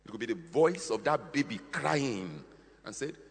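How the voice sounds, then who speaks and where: Animated male preacher in a reverberant hall. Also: medium pitch, moderate pace, gravelly, husky. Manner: emphatic, repetitive, swings between hushed and loud. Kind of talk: sermon.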